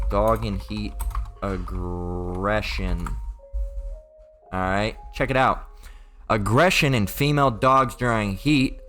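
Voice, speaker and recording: A man's voice: mid-range voice, fairly bright tone. A man giving an informal sermon in a rambling, emphatic way, often profane and full of repeated filler tags. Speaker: preacher.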